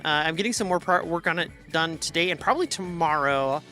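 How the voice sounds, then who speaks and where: A woman's voice: on the low side, lively intonation, quick pace, sharp tone, soft background music. A woman streamer in casual chat, rambling and joking, often laughing at herself.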